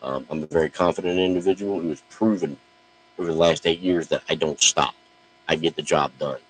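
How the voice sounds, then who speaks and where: Middle-aged man, very low voice, blunt profane rant, stammers on openings, faint hum behind. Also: fairly even intonation, brisk, poor audio. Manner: brash, profane, repeats words when starting sentences. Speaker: online wrestling promo talker. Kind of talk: blunt direct-to-camera rant.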